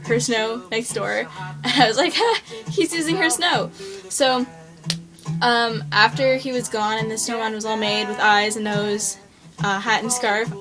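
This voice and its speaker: A woman's voice: fairly high pitch, rough recording. A teenage girl telling a story casually to camera in a chatty way, full of likes and ums. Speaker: vlogger. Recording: guitar music playing underneath.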